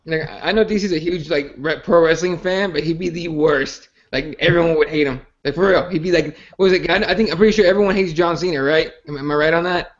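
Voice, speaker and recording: A man's voice: a little high, fast talker, few pauses, lo-fi sound. A man hosting a casual podcast about fighting. He rambles and swears, stumbling over restarts. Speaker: podcast host. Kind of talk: casual MMA chat.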